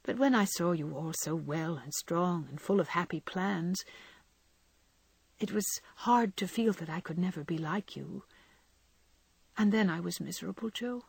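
Soft whispery sick girl, gentle and resigned, breathy, woman reading her. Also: lowish voice, a little slow, no echo, exaggerated voice. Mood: tender. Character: gentle frail young woman, dying, resigned.

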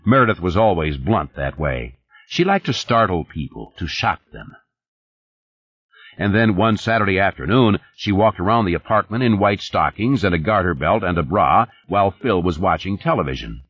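A man narrating an audiobook in a measured, expressive way. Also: sits low, husky, no echo. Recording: dull lo-fi audio.

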